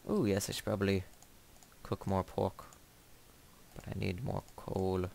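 Young male gamer, slightly low voice, rambling joking commentary, startles easily. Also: monotone, measured pace, vocal fry, darkish tone, a little hiss or hum. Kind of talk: casual let's play commentary.

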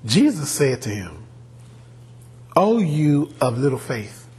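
A male pastor preaching a sermon, animated, often asking the congregation questions. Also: medium pitch, takes it slowly, a little hiss or hum. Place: church sanctuary.

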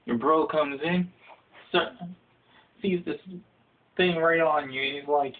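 A young man rants his way through a comic story, swearing freely and breaking into squeaky yells whenever he acts out a line. The sound is thin and boxy, like it's coming through a phone. He tells it slowly and deliberately, with a fairly high voice. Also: steady tone, vocal fry. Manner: profane, acts out quotes in a high shouting voice. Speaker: comedic storyteller. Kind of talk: casual comedic rant. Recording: phone-like lo-fi audio.

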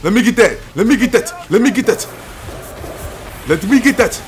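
A young man commentating his own basketball video game, loudly cursing and trash-talking his teammates. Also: high-pitched, expressive, moderate pace, long pauses, soft background music. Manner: loud, profane trash talk at teammates. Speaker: gamer. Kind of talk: live gameplay commentary.

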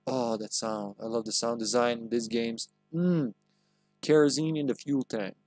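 A man's voice: mid-range voice, steady tone, moderate pace, darkish tone, no echo, faint music behind. A man giving live gameplay commentary as a streamer, joking crudely and talking back to the game.

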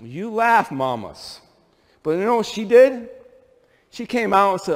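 Preaching in a church sanctuary with a long hall reverb, this middle-aged upstate New York pastor has a high voice with big pitch swings and a measured pace. His sermon mixes stories with rhetorical questions aimed at the congregation.

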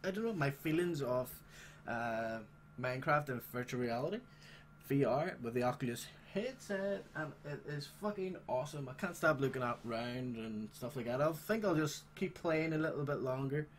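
A man hosting a gaming channel, chatting casually and swearing excitedly as he plays a game. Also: medium pitch, normal speed, a little hiss or hum. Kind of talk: casual gameplay commentary.

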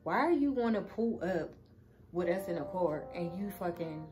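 A woman's voice: on the low side, animated, moderate pace, over music, poor audio. A woman telling a casual storytime to her viewers, chatty and swearing freely as she talks to them. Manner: chatty, cursing freely, addresses viewers as y'all. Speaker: vlogger.

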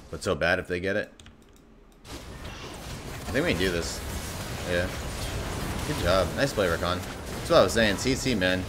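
A man giving live gameplay commentary, excitable and profane, breaking into sudden yells. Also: low voice, a little hiss or hum. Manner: excitable, swearing, bursts into yelling. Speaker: gameplay streamer.

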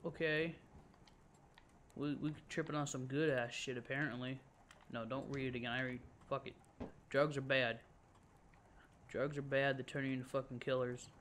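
A young man commentating a horror game as he plays, cursing constantly and joking, swinging between loud outbursts and nervous muttering. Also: medium pitch, steady tone, moderate pace, pauses often, a little hiss or hum. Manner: profane, jumpy, jokey running commentary. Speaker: let's play gamer.

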